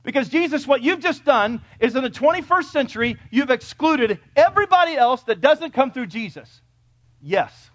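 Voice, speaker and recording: High-voiced preacher, emphatic man. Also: sing-song, normal speed, no echo. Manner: emphatic, rhetorical questions, swings from loud declarations to hushed points. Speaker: pastor. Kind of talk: sermon. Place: church before a congregation.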